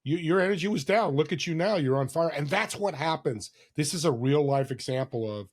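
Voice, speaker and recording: A man's voice: fairly high pitch, animated, brisk, slightly rough. A man, a podcast guest, talking earnestly in a casual interview and telling stories with acted-out quotes. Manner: earnest storytelling, acts out quoted voices.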